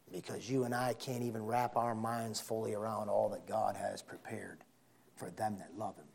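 A man's voice: fairly even intonation, normal speed, vocal fry, slightly rough. A man preaching a sermon, folksy, repeating phrases for emphasis. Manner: builds from low conversational to shouting fervor.

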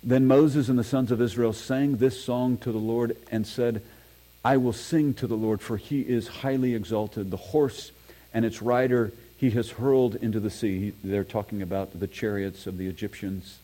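Man preaching with a mellow voice. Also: mid-range voice, steady tone, moderate pace, low-quality recording. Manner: earnest preaching, reads scripture aloud, self-deprecating asides. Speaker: pastor. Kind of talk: sermon. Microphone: microphone.

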